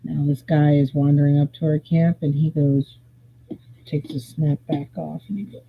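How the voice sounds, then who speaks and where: A live stream host telling a rambling story in a casual, animated way, swearing freely. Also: medium pitch, normal speed, vocal fry, husky. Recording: tinny phone-like audio.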